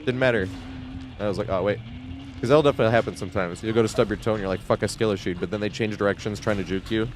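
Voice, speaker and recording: A male game streamer talks loosely over his match, his voice sitting a little low. He laughs a lot, swears freely and tells stories with animated energy. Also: rapid-fire, slight background noise. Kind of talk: casual live gameplay commentary.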